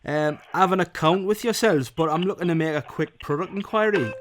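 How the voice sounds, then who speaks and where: A man's voice: fairly high pitch, fairly quick, a little hiss or hum, pitched above the performer's own voice, lightly acted. A man voicing a cheerful male plasterer on a prank phone call, with a put-on Geordie accent that keeps slipping. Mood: chummy. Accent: put-on Geordie drifting toward Liverpool.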